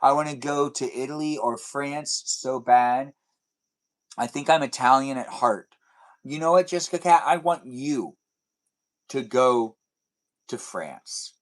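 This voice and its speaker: A man's voice: medium pitch, a little slow, pauses often, low-quality recording. A man on a live stream, talking loosely and playfully to the people watching. He wanders from thought to thought and slips into goofy little back-and-forth scenes. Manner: rambling, playful, acts out silly imagined dialogues. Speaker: livestreamer. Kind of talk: casual live-stream chat with viewers.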